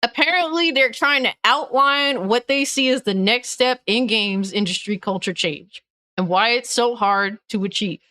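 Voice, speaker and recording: A woman's voice: fairly high pitch, normal speed, pushed and bright. Angry, profane woman streamer. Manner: reads chat comments aloud. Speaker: gaming news streamer. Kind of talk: ranting live commentary.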